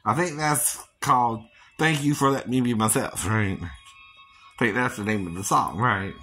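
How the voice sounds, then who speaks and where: A man's voice: mid-range voice, sharp tone, a little hiss or hum. A man chatting casually about doing impressions. He laughs often and ends his lines with "right?". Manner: breaks into quick impressions and silly voices. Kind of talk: casual chat.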